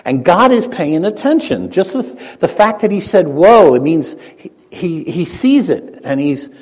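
A male pastor preaches with a lively, swinging voice that climbs to emphatic peaks and drops to hushed asides. His sermon rings out in a church sanctuary, with a long reverb trailing every phrase. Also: high voice, unhurried. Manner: animated preaching, rising to emphatic peaks and dropping to quiet asides.

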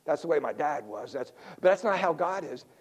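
An older man preaching a sermon in a lively, joking way, dropping to quiet asides between points. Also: fairly high pitch, brisk, breathy edge. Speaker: pastor.

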